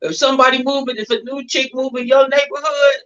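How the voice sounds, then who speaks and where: A woman's voice: high voice, little pitch movement, fast, fairly bright tone, muffled recording. A woman guest in a casual talk show, explaining her point and repeating phrases as she builds it.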